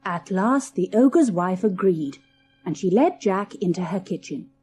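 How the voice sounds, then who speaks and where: Lilting woman storyteller, mellow voice. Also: mid-range voice, expressive, a little slow, a little hiss or hum. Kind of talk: scripted narration of a children's storybook. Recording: old cassette audiobook.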